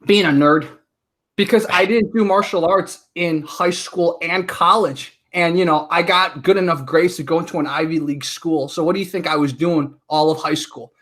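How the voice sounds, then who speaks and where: Podcast guest, man in his 30s, airy high voice, chatty, animated storyteller. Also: moderate pace. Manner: talkative, animated storytelling with filler words. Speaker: podcast guest, martial artist. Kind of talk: casual chat.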